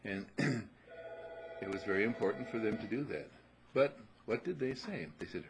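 A man giving a teaching talk to a group, who often acts out little dialogues and clears his throat. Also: fairly low pitch, animated, moderate pace, noisy background.

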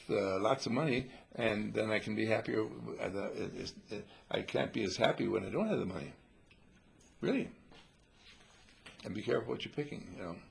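A man's voice: fairly low pitch, vocal fry, a little hiss or hum. A man teaching a group at a monastery in a rambling, questioning way, often acting out quoted voices. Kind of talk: informal spiritual talk to a group.

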